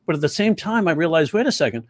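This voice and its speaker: A man who teaches comedy telling stories in an interview, animated and slipping into quoted voices. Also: on the high side, fast talker, no echo. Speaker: comedy teacher and stand-up comic. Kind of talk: storytelling interview talk.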